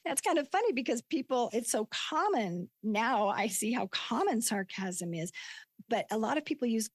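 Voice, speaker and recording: High-voiced older woman telling lively stories. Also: moderate pace, no echo. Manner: animated storytelling, acts out quotes, laughs often. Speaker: podcast guest, life coach. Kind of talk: conversational interview.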